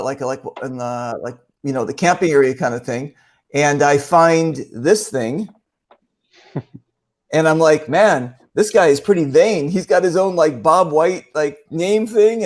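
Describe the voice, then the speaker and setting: A man with a slightly high voice hosts a relaxed online show. He tells long stories in a meandering way, full of fillers and restarts, and slips into other people's voices as he goes. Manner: rambling, many fillers, acts out voices in anecdotes. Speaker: show host. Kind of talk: casual storytelling chat.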